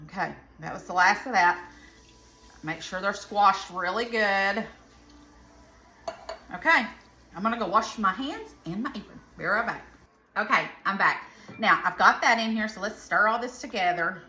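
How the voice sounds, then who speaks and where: A Southern American woman hosts a casual cooking vlog from her home kitchen, chatting to viewers and rambling into folksy asides as she cooks. Her mid-range voice is bright and forceful, moving at a moderate pace with frequent pauses. The room sounds reverberant.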